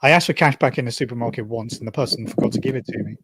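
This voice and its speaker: A man's voice: medium pitch, racing, fairly bright tone, breathy edge, dry recording. A man from England with a London accent, co-hosting a casual livestream with teasing banter. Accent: London English. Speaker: co-host. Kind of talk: casual chat.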